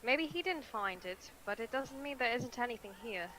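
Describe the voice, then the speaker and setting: Bright higher-voiced woman, pauses a lot, tabletop player. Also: lively intonation, slight background noise, low-quality recording. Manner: hesitant, lots of fillers. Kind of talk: tabletop role-play.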